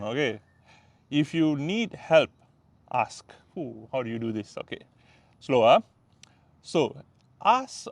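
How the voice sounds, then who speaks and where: A patient man with a Malaysian English accent walks through a casual vlog lesson, sounding out each word. His delivery is unhurried, and his pitch swings widely. The voice is close and dry, with almost no room sound. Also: no echo. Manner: patient, repeats words slowly, tags sentences with "lah" and "ah". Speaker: language tutor.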